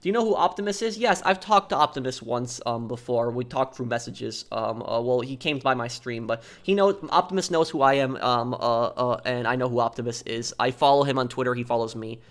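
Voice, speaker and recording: A man's voice: medium pitch, brisk, few pauses, a bit bright. Rambling young man chatting on stream. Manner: rambling, many ums and uhs, repeats himself. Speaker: streamer answering chat. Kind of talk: casual live-stream chat.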